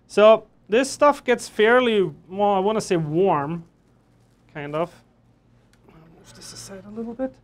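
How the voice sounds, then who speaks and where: Chef guy doing a live cooking class in his kitchen, high-ish voice, jokey and chatty the whole way. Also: measured pace, pauses often. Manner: chatty, joking, explains as he works. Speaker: chef instructor.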